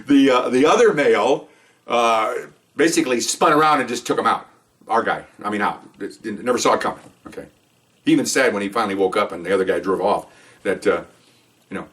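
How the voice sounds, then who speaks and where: A man's voice: lowish voice, fast, a bit bright, distant mic. An older man and retired police officer casually telling a story, rambling and chuckling with frequent "okay"s.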